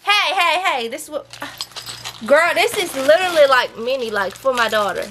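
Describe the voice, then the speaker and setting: Young mom chatting about her haul, high voice, noisy phone recording at home. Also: moderate pace. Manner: chatty, animated, talks to viewers as y'all, scolds her toddler. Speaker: vlogger. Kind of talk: casual haul vlog.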